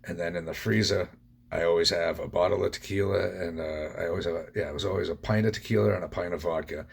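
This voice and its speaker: Man, podcast host, very low voice, raspy, gravelly, blunt and profane, personal storytelling. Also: steady tone, quick pace.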